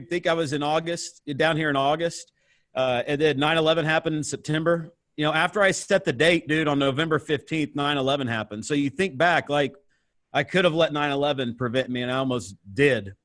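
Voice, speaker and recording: A man's voice: a little high, no room sound. A man in his thirties from the American Midwest, a guest on an entrepreneurship interview, telling his story casually and acting out the dialogue. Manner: animated storyteller, acts out dialogue.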